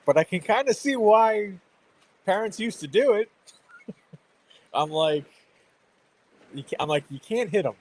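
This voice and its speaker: A man in his thirties hosts a stream, chatting casually about parenting and laughing a lot. His voice sits high with lively intonation, and he talks at a measured pace with frequent pauses. The recording is rough.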